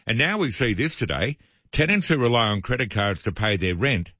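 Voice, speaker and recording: A man's voice: lowish voice, very animated, brisk, bright, forceful tone, slightly rough, no room sound, dull audio. A man hosting talk radio, reading news items and adding sardonic, opinionated asides. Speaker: radio host.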